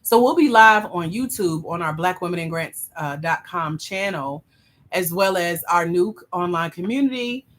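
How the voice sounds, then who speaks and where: A woman with a Southern US accent hosting a livestream, teasing and hyping up her viewers in playful, animated chat. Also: fairly low pitch, normal speed. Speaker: livestream host and grant mentor.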